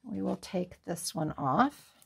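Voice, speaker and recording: A woman's voice: on the low side, lively intonation, takes it slowly, vocal fry, slightly rough. A woman hosting a card-making tutorial, thinking aloud in a casual, musing way as she works. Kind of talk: casual crafting tutorial talk.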